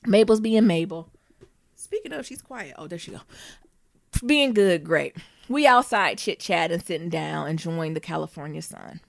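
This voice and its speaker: A woman co-hosting a podcast, telling a story in a casual, animated way and breaking into laughter. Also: lowish voice, normal speed, gravelly, no room sound. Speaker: podcast co-host.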